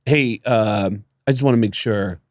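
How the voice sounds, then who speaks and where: A man co-hosting a podcast, telling a long story in casual chat, often laughing and jumping his voice up high for quoted lines. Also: a little slow, no echo, studio quality. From United States. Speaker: podcast co-host.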